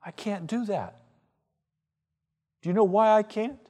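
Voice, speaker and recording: Male pastor, slow deliberate sermon delivery, in a reverberant church hall. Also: sits high. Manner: preaching with swings between loud emphasis and quiet intensity.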